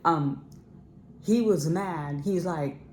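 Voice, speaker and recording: Speaking very slowly in a fairly low, darkish voice, an Ohio-born independent filmmaker talks casually to camera, using repeated words to hammer her points home to viewers in a blunt, forceful manner. A bit of hiss or hum is audible.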